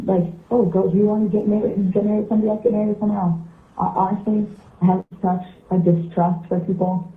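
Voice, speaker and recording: A woman on a recorded jail phone call, halting and hesitant. Her voice stays flat and even, and the tinny phone line carries an echo. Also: mid-range voice. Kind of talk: phone conversation.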